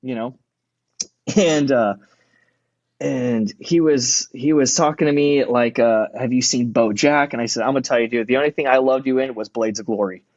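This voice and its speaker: A man's voice: medium pitch, normal speed, a little mellow, dry recording, lo-fi sound. A man in his thirties, a podcast guest, telling stories in casual chat, acting out quotes and swearing a lot.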